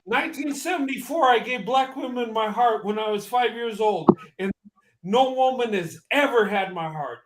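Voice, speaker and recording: A man's voice: extremely high pitch, lively intonation, normal speed, a little hiss or hum. A man in his fifties giving an emotional, emphatic personal testimony, often repeating himself. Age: 50s.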